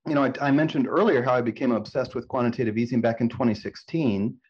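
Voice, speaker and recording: Animated journalist man, muffled sound. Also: mid-range voice, slightly rough. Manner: energetic storytelling, quick bursts. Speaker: author and print journalist. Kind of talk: conversational interview.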